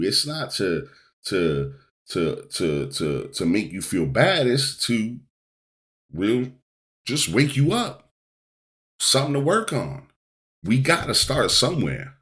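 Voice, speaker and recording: Podcast host, male, middle-aged, very low voice, emphatic coaching monologue full of repetitions. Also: fairly bright tone.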